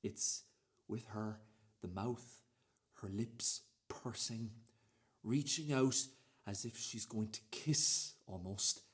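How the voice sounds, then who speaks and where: A man's voice: on the low side, slow pace. A young man playing a cocky youth in a student radio play monologue, swearing, rambling and dropping to a near-whisper. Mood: smug. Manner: swearing, rambling, drops to near-whisper, laughs mid-sentence. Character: cocky young man boasting about a dinner date.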